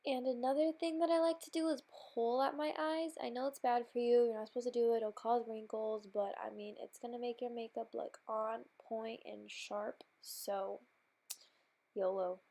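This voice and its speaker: A woman's voice: fairly high pitch, fairly even intonation, moderate pace, gravelly, warm tone. A young woman talking through a makeup tutorial in a chatty, bubbly way, sounding slightly nasal from a cold. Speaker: beauty vlogger. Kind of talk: casual makeup tutorial voice-over.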